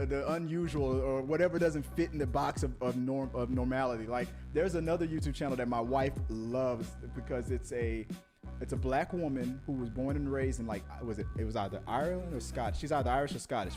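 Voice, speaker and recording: A man from Texas hosting a casual interview, talkative and animated, rambling with restarts. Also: mid-range voice, a little fast, music in the background. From Houston, Texas, US. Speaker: interview host.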